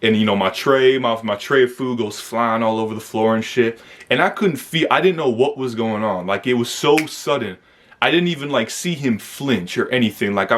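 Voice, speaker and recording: A young man from Michigan telling a personal story to camera in a casual, conversational way, with frequent fillers and tag questions. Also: medium pitch. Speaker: vlogger recounting his youth incarceration.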